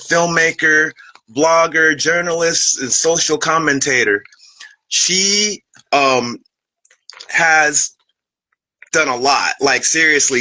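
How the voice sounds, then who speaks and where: A man hosting an interview, excited and laughing, stumbling over his words as he introduces his guest. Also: a little high, rough recording. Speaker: host.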